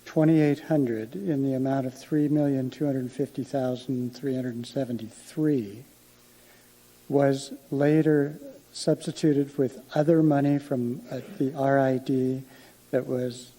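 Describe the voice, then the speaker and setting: A man with a mellow, darker tone questions a witness at a formal hearing. He works through his points methodically and sometimes halts mid-sentence to rephrase. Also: medium pitch, steady tone, low-quality recording. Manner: methodical questioning, slightly halting. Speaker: attorney. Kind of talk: courtroom examination. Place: hearing room.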